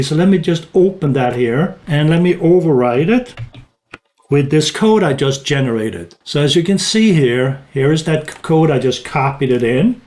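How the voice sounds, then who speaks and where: Male tutorial presenter, slightly high voice, casual screen-demo narration with small restarts. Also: a little mellow. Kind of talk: screen-recorded software walkthrough.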